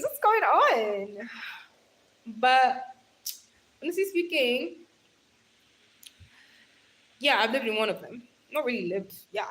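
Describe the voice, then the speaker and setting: A woman's voice: fairly high pitch, slight background noise. A young woman chatting casually on a live stream, reading viewer comments aloud and laughing often.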